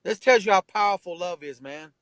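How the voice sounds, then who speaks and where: A man with a high voice speaks earnestly and emphatically, tossing in "man" and "bro" and swearing freely. The sound is dry and close to the mic, with no room around it. He tells his story with heartfelt intensity. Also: a little fast, fairly bright tone, no room sound, low-quality recording. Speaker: rapper and tattoo artist, guest. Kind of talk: candid interview talk.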